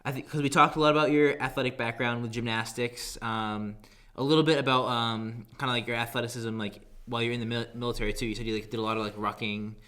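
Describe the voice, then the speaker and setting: A man's voice: medium pitch, fairly even intonation, quick pace, a bit bright. A man hosting a podcast in casual interview chat, easygoing and full of filler words. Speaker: podcast host.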